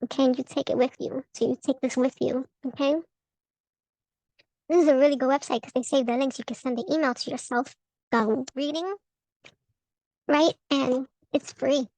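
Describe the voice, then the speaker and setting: A woman's voice: high-pitched, fairly even intonation, normal speed, long pauses, darkish tone, no echo, rough recording. A woman vlogging about a tarot reading, profane and heated, laughing between rants. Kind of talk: casual ranting vlog.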